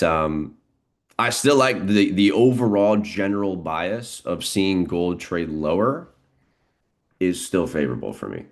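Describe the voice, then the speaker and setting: Man, very deep voice, live market commentary, relaxed, lots of fillers, desk mic. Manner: relaxed, thinking aloud with fillers. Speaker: trading streamer.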